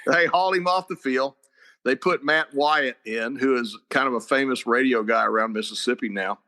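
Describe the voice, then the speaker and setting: An older man, a head football coach, telling stories in a casual chat, with a lively, laughing manner. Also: mid-range voice, moderate pace. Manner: animated, laughing storyteller.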